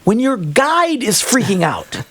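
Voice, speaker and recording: A man hosting an advice talk show, telling a comic story in an animated way and laughing often mid-sentence. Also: high voice, measured pace, breathy edge. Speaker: radio show host. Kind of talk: comedic relationship advice talk.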